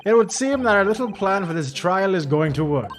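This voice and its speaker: A man voicing a courteous middle-aged professor speaking formally and fatherly to his daughter, in a high register for a man. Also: very animated, brisk, over music. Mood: reassuring.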